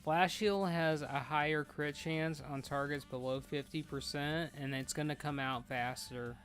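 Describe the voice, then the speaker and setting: A man with a slightly high voice leads his raid team on a live gaming stream, blunt and quick to curse. He barks out instructions and gripes at teammates in a casual, offhand way. Faint music plays behind him. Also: fairly even intonation, a bit bright. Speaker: raid leader streaming an online game.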